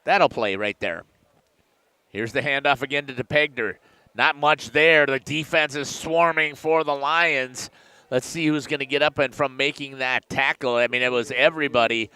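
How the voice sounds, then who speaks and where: A man doing play-by-play commentary for a local high school football game, getting louder and higher on big plays. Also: moderate pace, smooth, no echo. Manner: excited rising calls on big plays. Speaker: play-by-play announcer.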